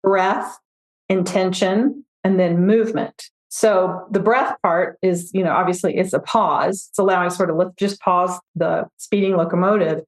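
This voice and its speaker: A woman, a financial therapist, talking through her approach in a relaxed podcast conversation, often giving examples and voicing her clients. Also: lowish voice, moderate pace, hardly any pauses, roomy sound. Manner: reflective, explains with examples and quoted client voices.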